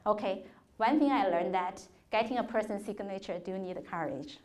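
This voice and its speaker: A woman's voice: medium pitch, normal speed, a little mellow, a little hiss or hum. A woman giving a workshop talk to students, telling career stories in earnest, non-native phrasing with a few restarts. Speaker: conference speaker. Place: lecture hall.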